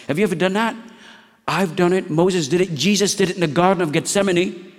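A man's voice: a little high, moderate pace. Man preaching a sermon in a reverberant hall. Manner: storytelling preacher, shifts between hushed anecdote and rising exhortation. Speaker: pastor.

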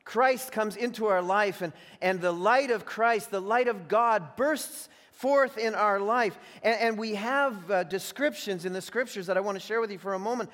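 A man with a high, slightly bright voice preaches a sermon as a pastor, speaking at normal speed with few pauses. He is emphatic, stretching out key phrases and often doubling words as he restarts. The long reverb of a large hall fills the recording.

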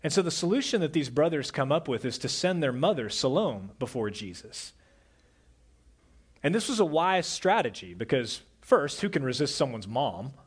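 A middle-aged male pastor preaching an earnest sermon, dropping to a soft hush on key words. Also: fairly high pitch, big pitch swings, normal speed, husky.

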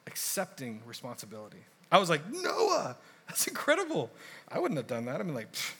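Bright-voiced man preaching conversationally. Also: medium pitch, quick pace, husky. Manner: conversational, animated storytelling with asides. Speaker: pastor. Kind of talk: sermon.

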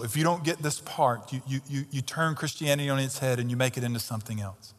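A man's voice: medium pitch, quick pace, few pauses, a bit bright. A man preaching a sermon as pastor, emphatic and conversational, with pointed rhetorical questions. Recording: long reverb of a large hall.

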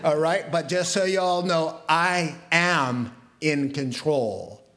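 A man's voice: a little high, slow, fairly bright tone. A man voicing God in a sermon, speaking plainly and reassuringly as one fully in control. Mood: assured.

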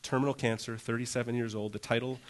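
Male pastor, mid-pitched, earnest and chatty, sermon delivery. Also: level tone, fast. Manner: earnest, casual, says "like" often, acts out prayers in a raised voice. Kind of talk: conversational sermon.

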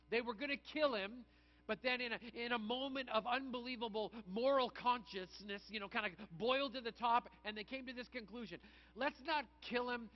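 A man preaching a sermon to his congregation, in an animated, conversational way, with acted asides. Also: high-pitched, dull audio. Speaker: pastor.

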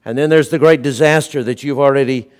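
A man preaching to his congregation in an earnest, storytelling way. His voice sits at an ordinary middle pitch and often sinks low and soft for emphasis. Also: fairly even intonation, brisk. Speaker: pastor. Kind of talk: sermon.

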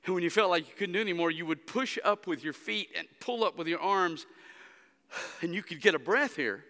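Man, pastor, somewhat high and forceful voice, dramatic sermon delivery, long church reverb. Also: animated, brisk. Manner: dramatic preaching, swinging between hushed and loud emphatic stretches. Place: church sanctuary.

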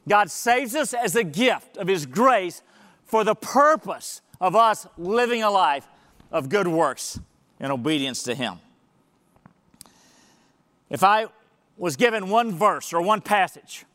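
A man's voice: high-pitched, a bit bright. A man preaching a sermon as pastor, reading scripture and pressing his point with emphatic rhetorical questions. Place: church sanctuary. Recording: long reverb of a church hall.

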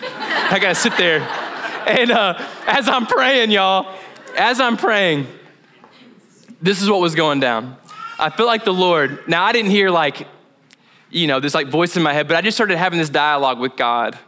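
A man's voice: sits high, animated, unhurried, sharp tone, a little hiss or hum. A young man preaching as a pastor, telling a funny, self-mocking story from his week, acting out his own inner dialogue with laughs along the way. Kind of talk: sermon. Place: church.

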